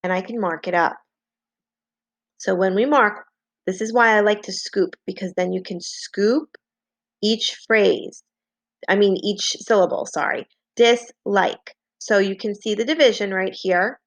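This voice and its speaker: A woman teaching a phonics lesson to young children, slowly and patiently dictating and spelling out words. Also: medium pitch, no echo. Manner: slow, clear, patient dictation with repeated words.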